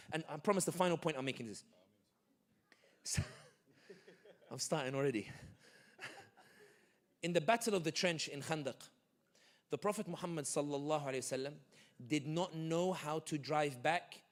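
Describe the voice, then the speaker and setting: Animated man with a high voice. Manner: animated, joking, many asides. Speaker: guest speaker. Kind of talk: lively community talk with stories. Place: community center hall.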